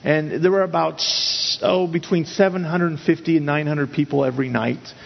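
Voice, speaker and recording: A man's voice: a little high, fairly even intonation, moderate pace, creaky. A middle-aged man pastor preaching a sermon and telling a personal story, earnest, with many restarts and repeated words. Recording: dull, with long hall reverb.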